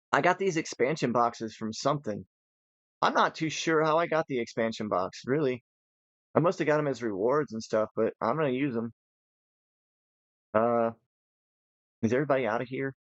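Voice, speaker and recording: A man's voice: medium pitch, no room sound, muffled recording. A tired man giving casual, rambling commentary while playing a modded building game, thinking aloud as he goes. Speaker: gaming channel host.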